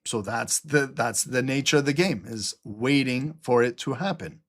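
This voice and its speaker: A man's voice: medium pitch, moderate pace, a bit bright. A middle-aged man hosting a live trading stream, blunt, sarcastic and profane, with typing heard behind him.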